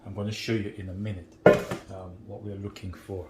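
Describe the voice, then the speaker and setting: A man with a low voice hosts a relaxed cooking lesson from his home kitchen. He keeps up a friendly running chat, checking in with his viewers as he goes. The room rings with echo while dishes, pots and pans clatter loudly around him. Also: brisk, heavy background noise. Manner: chatty, often checks in with 'right?'. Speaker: home cook host. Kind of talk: casual cooking demonstration. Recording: roomy kitchen with loud clattering.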